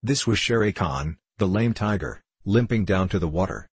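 A man reads a classic storybook aloud in a low, husky voice. The sound is dry and close, with no room around it. He gives the characters' lines in nearly his own voice. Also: lively intonation, moderate pace, no echo. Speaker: audiobook narrator. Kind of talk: scripted storybook narration.

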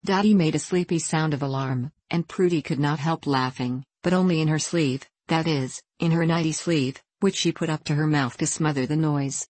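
A woman narrating a children's storybook in a gentle, even reading voice. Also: deep voice, moderate pace, few pauses, no room sound.

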